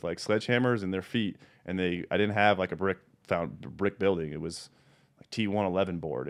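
A man with a somewhat low voice hosts a laid-back podcast chat, swearing freely as he tells animated stories. His delivery is loose and conversational, speeding up and slowing down as the story builds. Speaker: podcast host and dispensary owner.

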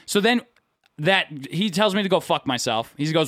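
A man's voice: moderate pace, dry recording, clean studio sound. A young man telling a profane story in casual chat, acting out what people said with big jumps in his voice. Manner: animated, acts out quotes with big pitch jumps.

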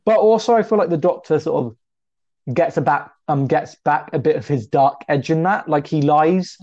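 A man of twenty co-hosting a casual podcast chat, talkative and self-deprecating, his pitch often jumping up. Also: moderate pace, highs cut off. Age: 20s. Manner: chatty, self-deprecating, lively pitch jumps. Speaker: podcast co-host.

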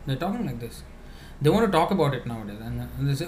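A man giving a conversational spiritual talk, answering questions with many fillers and restarts, now and then laughing softly. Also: mid-range voice, expressive, fast, slight background noise.

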